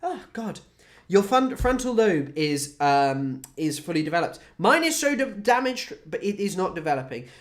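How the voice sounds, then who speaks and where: A woman's voice: fairly low pitch, big pitch swings, moderate pace. A woman from the UK chatting casually on a livestream, rambling, swearing and often restarting her sentences. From United Kingdom. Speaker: streamer.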